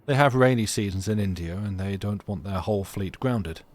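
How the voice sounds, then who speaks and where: A man with a fairly low voice reads a story game aloud on a live stream. He drops in casual, chatty asides between the narration and restarts playfully when he stumbles. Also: moderate pace, a little mellow, dry recording. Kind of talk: live let's play, reading game text aloud.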